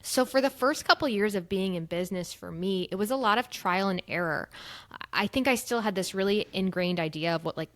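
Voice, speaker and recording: A woman's voice: mid-range voice, fairly quick, dry recording. A woman in her thirties co-hosting a podcast, talking in an earnest, reflective way and laughing easily. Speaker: podcast co-host. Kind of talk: casual podcast chat.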